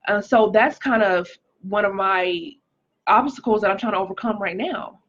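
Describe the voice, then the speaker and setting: A woman's voice: mid-range voice, moderate pace, a bit bright, highs cut off. A woman giving an earnest, emotional testimony on a live stream as a life coach, reading viewer comments aloud. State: pregnant, recovering from stroke.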